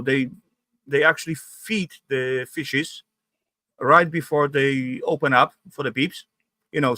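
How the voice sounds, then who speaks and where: A man speaking halting with lots of fillers, telling a fishing anecdote and laughing at himself. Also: medium pitch, pushed and bright, dry recording. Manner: halting non-native English with many fillers, laughs at himself. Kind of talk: casual chat on a live stream.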